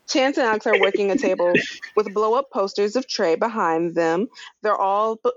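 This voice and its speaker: A woman's voice: mid-range voice, no echo. A laid-back woman recaps a TV episode in casual podcast chat. She swears offhandedly and laughs often. The recording is dry and a little dull. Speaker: podcast co-host recapping a show.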